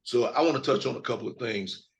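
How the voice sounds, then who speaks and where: A man in his fifties from Mississippi, an attorney giving a hoarse, measured press statement over a video call. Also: mid-range voice. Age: 50s. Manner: measured, with frequent fillers.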